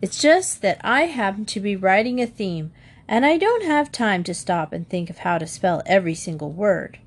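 A woman's voice: medium pitch, very animated, normal speed. A woman voicing a bossy older schoolboy who talks down to his brother. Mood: lecturing. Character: older brother, bossy know-it-all boy.

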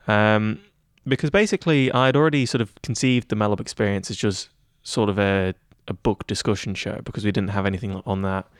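A young man in his twenties talking in a relaxed interview, chatty and self-deprecating with lots of fillers. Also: fairly low pitch, a little fast, few pauses, clean tone, no echo, studio quality. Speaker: head of news at student radio. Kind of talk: casual interview chat.

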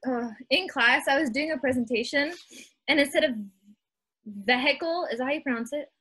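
A woman's voice: sits high, quick pace, pushed and bright, low-quality recording. A young woman chatting over a video call, telling funny stories with giggles and animation. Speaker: student panelist. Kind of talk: casual chat, storytelling.

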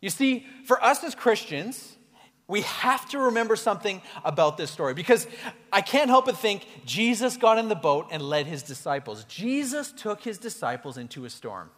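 A male pastor preaching an animated, conversational sermon to his congregation in a church hall. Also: sits high, moderate pace. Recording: echoey hall reverb.

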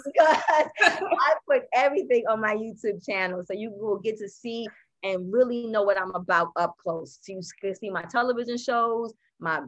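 A woman minister talking as a podcast guest, chatty and candid, often laughing as she speaks. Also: mid-range voice. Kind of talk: casual interview chat.

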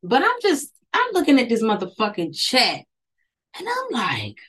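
This podcast host has a husky, fairly bright voice on the high side with wildly swooping pitch, speaking at a moderate pace close to a phone microphone. She curses often, wanders off topic and addresses listeners directly in a loose, rambling monologue.

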